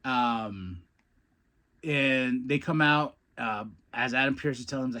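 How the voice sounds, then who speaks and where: Speaking slowly in a medium-pitched voice that sounds pushed and bright, a podcast host who used to wrestle rambles through old wrestling anecdotes. He laughs often and repeats words before recapping a wrestling show.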